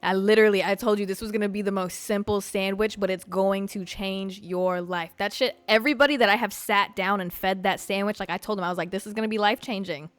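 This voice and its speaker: A woman hosting a podcast in casual chat, brash and excitable, swearing freely. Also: medium pitch, quick pace, few pauses, dry recording. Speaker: podcast host.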